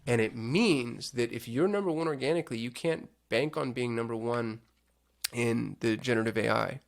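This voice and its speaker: Man, gravelly voice, casual screen-share walkthrough, thinks aloud, chatty asides. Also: medium pitch, moderate pace. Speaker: digital marketing host.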